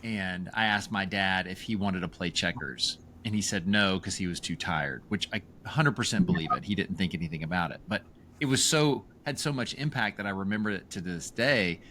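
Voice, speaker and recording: Low-voiced earnest male podcast host. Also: moderate pace, bright, forceful tone, slight background noise. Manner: earnest, reflective, with a few restarts. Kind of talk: casual conversation.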